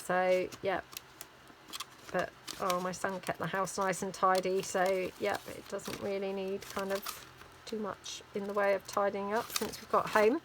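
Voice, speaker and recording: A woman's voice: mid-range voice, flat delivery, measured pace, background noise. A woman chatting casually while she crafts, rambling and full of fillers. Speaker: craft vlogger.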